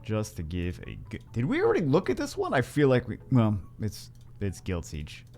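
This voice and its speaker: A man's voice: fairly low pitch, wildly swooping pitch, moderate pace, darkish tone, faint music behind. A man hosting a gaming video, rambling through casual gameplay commentary with wry asides and frequent self-corrections.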